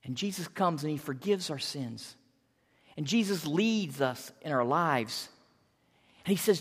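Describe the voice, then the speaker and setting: A pastor in their fifties delivers a sermon with a lively voice that swings up and down. The delivery is earnest and animated, and words often get repeated. The sound carries a long reverb from a church hall. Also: mid-range voice, a little slow, breathy edge. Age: 50s.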